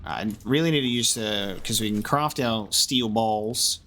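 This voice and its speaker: A man's voice: fairly low pitch, a little slow, fairly bright tone, slight background noise. A man giving casual, jokey commentary as he plays through a video game, chatting to himself as he goes. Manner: chatty, jokey, talks to himself while playing. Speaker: gaming streamer.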